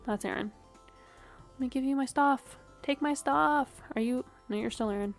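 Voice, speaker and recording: Young woman game streamer: rambling, wry, mid-pitched, muttered asides between chatter. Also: normal speed, gravelly, faint music behind. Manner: wry, with frequent soft laughs and muttered asides. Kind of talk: casual gameplay commentary.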